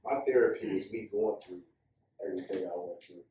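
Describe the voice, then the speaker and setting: A man's voice: low voice, a little fast, mellow, a little hiss or hum. A man in a casual group conversation, often chiming in with short affirmations. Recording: echoey room, mic far off.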